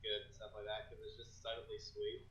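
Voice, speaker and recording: A man's voice: on the low side, huge pitch swings, a little fast, pushed and bright, dull audio. A young man chatting as a podcast guest in a laid-back, filler-heavy way. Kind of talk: casual chat.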